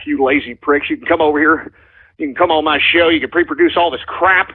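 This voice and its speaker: Man, radio host, furious profane rant, high voice, husky, tinny phone-line sound. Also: fairly even intonation, quick pace. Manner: angry, profane, shouting insults at trolls. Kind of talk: ranting call-in radio talk.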